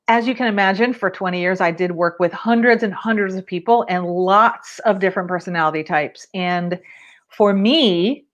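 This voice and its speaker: A professional organizer and coach appears as a guest on a podcast, speaking upbeat, candid, and motivational in a casual interview. Her voice is mid-range, and the audio is dull.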